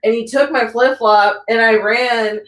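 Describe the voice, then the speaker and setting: A woman with a fairly high voice chats casually from off-mic beside the host. She laughs easily and tells her story in quick bursts, her voice carrying a roomy echo. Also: steady tone, fairly bright tone.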